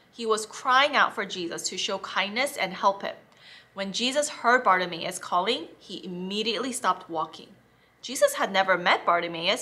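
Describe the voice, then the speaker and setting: A woman teaching children, reading a Bible story in an expressive, animated way. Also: mid-range voice.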